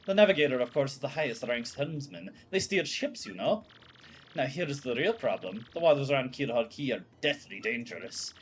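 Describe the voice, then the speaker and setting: A man's voice: medium pitch, animated, brisk, slight background noise, lightly acted. A man voicing a pompous, flamboyant male ship owner who speaks in a grand, theatrical manner. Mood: grandiose.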